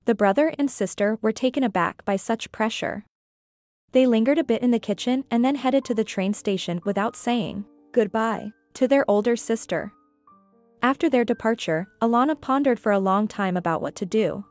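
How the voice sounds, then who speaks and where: A woman reading a scripted story aloud in an even, measured way. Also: a little high, faint music behind.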